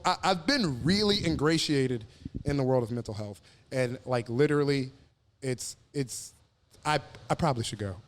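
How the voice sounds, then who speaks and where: A man's voice: mid-range voice, moderate pace. A man from Houston, a comedian guest in a casual podcast chat, telling stories with bursts of laughter and acted-out voices. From Houston, Texas. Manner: animated storyteller, bursts into laughter, acts out voices.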